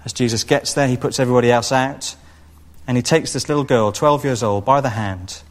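A man preaching a sermon, expressive and storytelling, now and then acting out what people in the story say. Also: medium pitch, brisk. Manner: expressive, acts out quoted voices.

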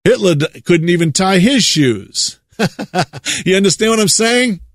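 A man from the United States preaching a monologue, leaning hard on drawn-out stresses and repeating words for effect. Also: high-pitched, animated, dry recording, studio quality.

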